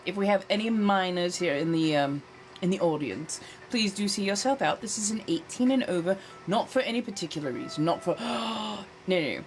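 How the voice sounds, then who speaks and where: A woman's voice: fairly low pitch, lively intonation, brisk, soft background music. A woman hosting a casual livestream chat in an affected old-fashioned American accent, languid and theatrical, calling her viewers darling. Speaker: livestream host.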